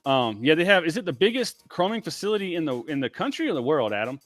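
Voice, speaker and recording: A man's voice: fairly high pitch, very animated, fast talker, fairly bright tone, dry recording, soft background music. A man talking as a guest on a casual livestream, laid-back and rambling, filling his talk with "like" and "man.". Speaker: guest, window tinter.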